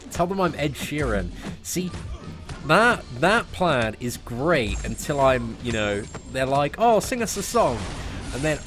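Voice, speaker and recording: A young British man in his twenties, livestreaming a game and bantering casually with his chat in a laid-back, jokey way. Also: mid-range voice. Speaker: gaming livestreamer. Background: music playing.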